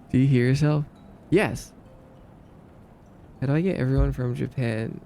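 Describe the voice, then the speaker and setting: A man's voice: medium pitch, takes it slowly, dark tone, slight background noise. A man streaming live, answering his chat in a casual, joking way.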